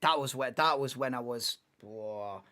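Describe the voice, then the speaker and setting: A man in his late twenties, hosting a live race watchalong in an excitable, rambling, chatty way. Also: mid-range voice, unhurried. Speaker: livestream host.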